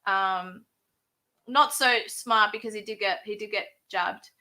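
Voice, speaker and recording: A woman's voice: mid-range voice, unhurried, bright, forceful tone. A woman host, chatting casually and rambling with lots of fillers. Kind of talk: casual livestream chat.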